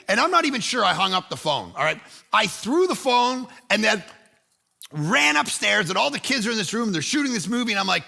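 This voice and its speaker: Animated high-voiced pastor. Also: male voice, fast, gravelly. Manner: animated, acts out voices in his story, casual slang. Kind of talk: sermon with a storytelling anecdote.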